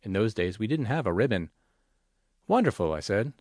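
Expressive male magazine reader, dry sound. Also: on the low side, brisk, dry recording. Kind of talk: scripted read-aloud narration.

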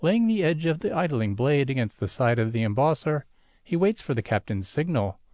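A man's voice: very animated, moderate pace, a little mellow, no echo, clean studio sound. A man reading a science fiction story aloud, narrating and doing the characters himself. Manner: reads all character voices himself with small pitch shifts. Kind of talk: audiobook narration of a sci-fi story.

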